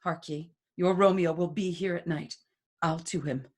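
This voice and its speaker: A woman's voice: lowish voice, fairly even intonation, normal speed, lightly acted. A woman reading the part of an older nurse from a play aloud, in a plain, matter-of-fact way. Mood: reassuring. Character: older female nurse, bustling and comforting.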